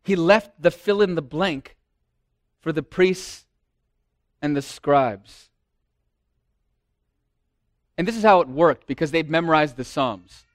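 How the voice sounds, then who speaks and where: A man's voice: a little high, slow, pauses often, no echo, clean studio sound. A man preaching a sermon, acting out the voices of the people in the story with rising emphasis. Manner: dramatic preaching, acts out quoted voices. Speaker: pastor.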